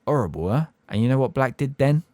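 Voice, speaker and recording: An excitable, gossipy young bus conductor, pitched higher than the narrator and lively in tone, as a man reads him for an audiobook. He rambles and keeps fishing for agreement, and the sound is dry and close. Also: quick pace, dry recording, natural voice. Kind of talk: audiobook character voice.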